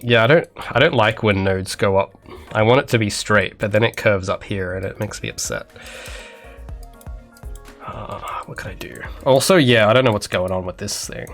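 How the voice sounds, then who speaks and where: A man's voice: lowish voice, a bit bright. A young Australian man livestreaming his game development, chatting casually and rambling with self-mocking jokes to his viewers while he codes. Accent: Australian, often taken for Canadian. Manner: rambling, self-mocking, jokey asides to chat. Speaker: indie game developer streaming.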